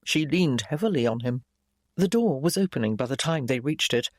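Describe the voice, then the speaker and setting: A man with a mid-range voice narrates a romance audiobook from a script, telling the story expressively at a normal pace. The recording is studio quality with no echo.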